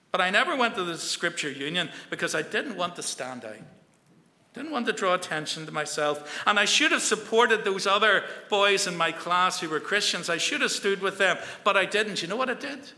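A man's voice: high-pitched, bright, forceful tone. A man giving a Bible talk to schoolboys, telling the story and asking them questions. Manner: storytelling, asks the listeners questions. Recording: echoey hall with long reverb.

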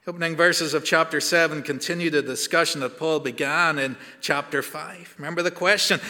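A man's voice: fairly high pitch, steady tone, brisk, hardly any pauses, bright, forceful tone, long reverb tail. A man preaching a sermon, earnest and building to emphatic peaks.

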